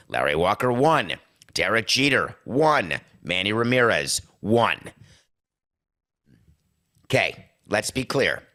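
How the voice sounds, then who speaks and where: A man's voice: on the low side, pushed and bright. A middle-aged man hosting a sports podcast, giving emphatic, sarcastic opinionated commentary in punchy lists. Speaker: podcast host.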